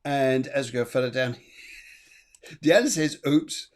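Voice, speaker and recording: Male medium-host, mid-pitched, chatty, repeats himself, laughs easily. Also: takes it slowly. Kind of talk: live psychic reading show.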